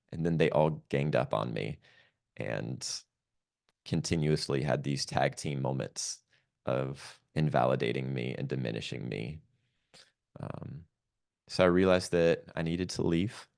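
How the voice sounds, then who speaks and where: Very deep, gravelly-voiced man telling his story. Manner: earnest, reflective, frequent ums and likes. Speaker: podcast guest. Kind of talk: personal storytelling.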